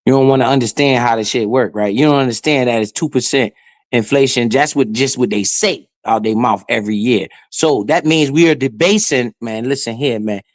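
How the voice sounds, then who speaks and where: Animated, heckling man with dry sound. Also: medium pitch, fairly quick, dry recording. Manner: animated, heckling, swears and laughs often. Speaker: finance streamer. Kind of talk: casual commentary over a played clip.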